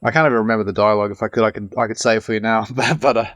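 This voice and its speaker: A man's voice: lowish voice, fairly even intonation, very fast, fairly bright tone, dry recording. A man in his thirties with an Australian accent, an actor talking in a casual, rambling podcast interview. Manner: chatty, rambling with many restarts. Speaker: actor guest.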